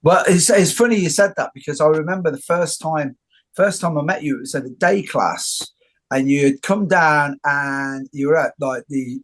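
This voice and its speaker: A middle-aged man hosting a casual interview, telling jokey, animated stories. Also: on the high side, moderate pace. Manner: joking, animated storyteller. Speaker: host.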